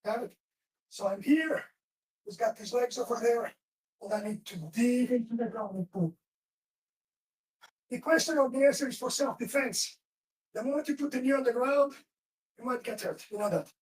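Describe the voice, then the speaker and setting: A woman's voice: on the high side, normal speed, long pauses, darkish tone. A woman teaching self-defense in a live class, giving short commands while she demonstrates moves. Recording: roomy echo from far off.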